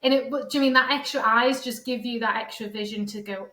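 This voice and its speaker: A woman's voice: a little high, steady tone, fast, hardly any pauses, fairly bright tone, reverberant, rough recording. A middle-aged woman, chatting in a casual interview as a home coach, rambling and often tagging on "sort of thing". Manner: chatty, rambling, fond of "sort of thing", acts out quoted voices. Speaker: podcast guest, feng shui and decluttering coach.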